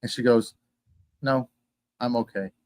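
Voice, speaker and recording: A man's voice: medium pitch, steady tone, unhurried, darkish tone, no room sound. A man from Texas, a guest telling a personal story in casual conversation, acting out the voices he quotes.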